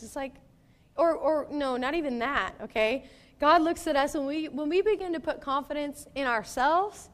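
A middle-aged woman pastor preaching in a chatty, animated way, laughing and tossing in playful asides. Her voice sits high and light. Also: long reverb tail. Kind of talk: sermon.

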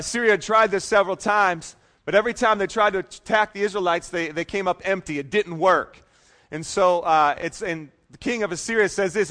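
A man's voice: sits high, fairly bright tone. A male pastor preaching a sermon, reading scripture emphatically and adding casual, joking asides.

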